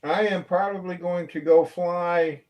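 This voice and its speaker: A man hosting a casual group call, talking haltingly with repeated words and dry jokes. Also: high-pitched, fairly even intonation, lo-fi sound, a little hiss or hum.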